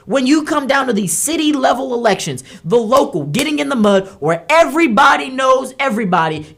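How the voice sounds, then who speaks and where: A woman hosts a political talk show, fired up and scolding. Her voice is slightly husky. Her pitch leaps and dips widely as she makes her points. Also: sing-song, fairly quick, fairly bright tone. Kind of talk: heated political commentary. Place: studio.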